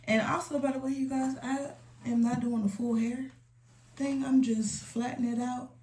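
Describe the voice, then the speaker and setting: A young woman talking candidly to her viewers from home in a chatty, slangy way, sometimes dropping to soft asides. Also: sits high, level tone, normal speed. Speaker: vlogger. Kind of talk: casual confessional chat. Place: home room. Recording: roomy echo, a little distant from the mic.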